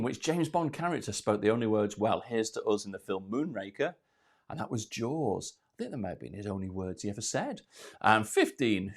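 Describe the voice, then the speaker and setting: A man hosting a live online quiz from home, out of breath, chatty and self-deprecating as he reads out questions and answers. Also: medium pitch. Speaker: quiz host.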